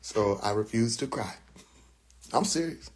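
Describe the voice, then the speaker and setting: A man telling a story on a live stream in a loose, animated way, swearing freely, laughing often and making sound effects. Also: fairly low pitch, unhurried.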